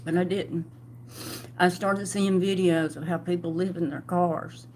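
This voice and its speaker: A middle-aged woman tells her story in an emotional personal vlog, halting and restarting often. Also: fairly low pitch, a little hiss or hum. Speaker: vlogger.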